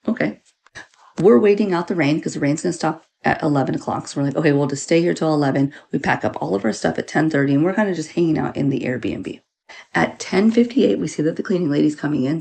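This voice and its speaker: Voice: medium pitch, vocal fry, a little mellow, slightly rough. A person telling a story in a casual, exasperated way in a social media clip.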